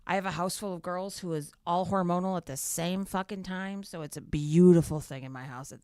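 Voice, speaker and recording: A woman's voice: lowish voice, a little fast, a little mellow, dry recording, clean studio sound. A middle-aged woman co-hosting a casual chat show, swearing freely and laughing through blunt stories about her kids. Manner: blunt, profane, laughing storyteller. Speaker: podcast co-host.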